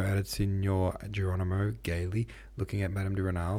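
Male reader, lowish voice, reads a novel aloud and trips over words, correcting himself. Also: level tone, a little fast, few pauses, darkish tone. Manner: reads with stumbles and self-corrections. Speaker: audiobook reader. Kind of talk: unpolished audiobook reading.

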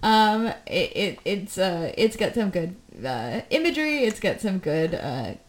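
A woman's voice: mid-range voice, big pitch swings, a little slow. A woman co-hosting a podcast in casual chat, rambling along with plenty of fillers and restarts.

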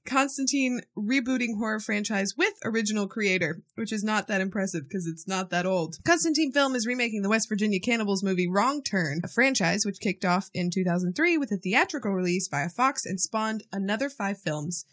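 A woman co-hosting a casual podcast, her pitch swinging widely as she talks. She reads out news items and breaks off with wry, laughing asides. Her voice sits at an ordinary middle height. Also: fairly bright tone. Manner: laughs easily, wry asides while reading. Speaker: podcast co-host. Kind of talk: casual chat, reading news aloud.

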